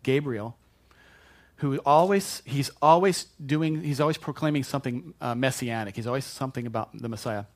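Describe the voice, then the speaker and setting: A man's voice: mid-range voice, normal speed. Male pastor, sermon, chatty, joking, restarts words. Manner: conversational and joking, with frequent restarts.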